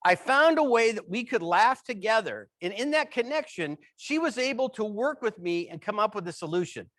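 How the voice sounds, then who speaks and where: Humorist keynote speaker, man, high-pitched, playful storytelling, dry close mic. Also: moderate pace, no room sound. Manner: animated, playful comic delivery.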